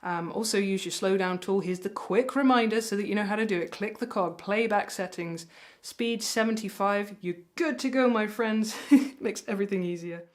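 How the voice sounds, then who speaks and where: A woman's voice: medium pitch, normal speed, hardly any pauses. A woman teaching ukulele, talking in a friendly, encouraging way and counting beats aloud as she plays. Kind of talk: music lesson with counting along. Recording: ukulele playing loudly behind. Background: ukulele playing.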